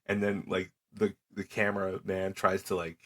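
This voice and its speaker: Man, middle-aged, very low pitch, casual podcast chat, animated storyteller. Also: normal speed. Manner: animated storyteller, acts out quoted lines. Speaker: podcast co-host. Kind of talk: casual chat recapping wrestling.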